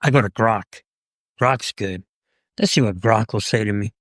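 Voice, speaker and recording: A man's voice: lowish voice, normal speed, a bit bright, no room sound, studio quality. A man co-hosting a podcast in casual chat, joking and playful. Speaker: podcast co-host.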